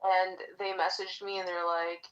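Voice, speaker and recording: A woman's voice: lowish voice, flat delivery, normal speed, a bit bright, muffled recording. A chatty woman in a casual conversation who giggles often and fills her talk with "like.". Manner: chatty, giggly, with many "like" fillers. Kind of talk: casual chat.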